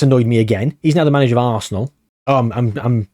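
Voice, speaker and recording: Casting: male gaming commentator, mellow tone, dry close sound, grumbly and sarcastic. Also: medium pitch, quick pace, no echo. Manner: exasperated, grumbling, sarcastic asides. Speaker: gaming YouTuber. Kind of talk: casual game commentary.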